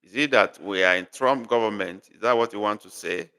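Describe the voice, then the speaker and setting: A man's voice: fairly low pitch, fairly quick, pushed and bright, clear, resonant tone. A man teaching a live online language class, patiently repeating and correcting a student's sentences. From Nigeria. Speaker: language tutor.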